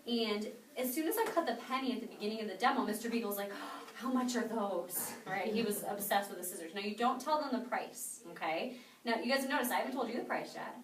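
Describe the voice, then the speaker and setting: A woman's voice: on the high side, lively intonation, quick pace, crowd noise. A young woman leading a sales training class, upbeat and constantly quizzing her trainees with "okay?". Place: training room with a group. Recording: echoey room, mic far off.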